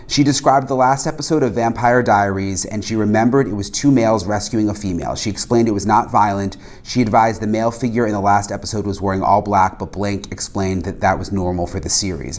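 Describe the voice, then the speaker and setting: Male reader, low-pitched, measured delivery of a police report. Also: a little mellow. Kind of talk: reading a document aloud.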